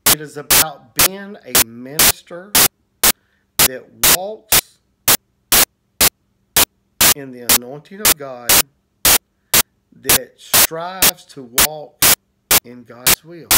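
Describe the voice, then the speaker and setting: Slow-speaking evangelist. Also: male voice, fairly high pitch, expressive, over loud music, poor audio. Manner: earnest, drawn-out preaching with repetitions. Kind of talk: preaching to camera. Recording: heavy static hiss.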